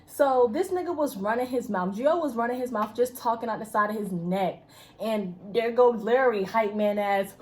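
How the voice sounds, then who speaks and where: A young woman with a high voice, speaking at normal speed, tells a school story in casual chat. She's a blunt, profane, animated storyteller who swears freely and acts out other people's lines.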